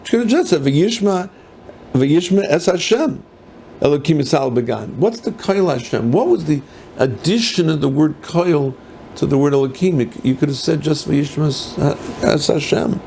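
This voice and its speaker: Older rabbi, gravelly, kinda high voice, faint hiss behind. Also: male voice, animated, normal speed, dark tone. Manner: mixes Hebrew and Yiddish terms, rhetorical questions. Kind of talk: Torah lecture. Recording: faint background noise.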